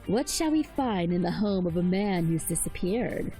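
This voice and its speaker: A woman voicing a composed investigator who speaks in a formal, measured way. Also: on the low side, expressive, warm tone, faint music behind, pitched below the performer's own voice. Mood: calm.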